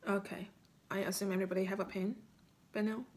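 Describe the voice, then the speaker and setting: Calm woman coaching reflection questions. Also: mid-range voice, fast talker. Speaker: spiritual healing coach. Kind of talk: guided self-reflection talk.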